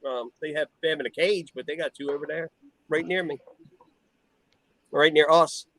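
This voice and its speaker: A man hosting a live video chat, telling stories in an animated, folksy way. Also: fairly high pitch, normal speed, low-quality recording. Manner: animated storyteller, folksy slang. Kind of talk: casual chat.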